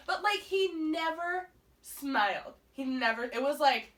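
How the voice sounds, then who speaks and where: Animated woman telling a funny story. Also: high-pitched, unhurried. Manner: animated, swings into quoted voices. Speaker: storyteller, podcast co-host. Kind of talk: comic anecdote, casual chat. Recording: slightly distant mic, faint hiss.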